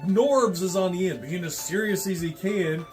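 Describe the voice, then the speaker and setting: A man's voice: sits high, normal speed, a little mellow, soft background music. Jokey fifty-something man co-hosting. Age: 50s. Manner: chimes in, laughs along, jokey. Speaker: co-host friend. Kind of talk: casual chat.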